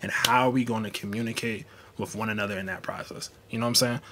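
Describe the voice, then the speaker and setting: A man's voice: lowish voice, fast, background noise. A young man, hosting a casual astrology livestream in a blunt, profane, slangy way. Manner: blunt, slangy, profane, animated with mocking quoted voices.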